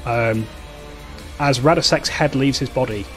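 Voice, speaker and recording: A man's voice: medium pitch, soft background music. A man narrating a tabletop role-playing game as game master, stopping and restarting often. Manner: halting narration with many fillers and restarts.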